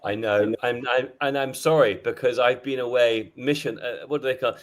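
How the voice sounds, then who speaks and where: A man's voice: medium pitch, fairly even intonation, moderate pace. A man speaking as a guest on a roundtable podcast, rambling at length about astrology. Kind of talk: casual roundtable chat.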